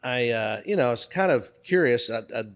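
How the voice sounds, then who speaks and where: A man's voice: mid-range voice, fairly quick, clear, resonant tone. A middle-aged man co-hosting a podcast, telling a story in casual conversation and acting out the dialogue. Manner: animated anecdote teller, acts out dialogue. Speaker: podcast co-host.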